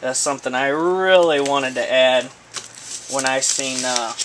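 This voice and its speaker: A man's voice: medium pitch, measured pace, noisy background. A man chatting casually while unboxing, rambling and stammering with many hesitations as he talks about breeding snakes.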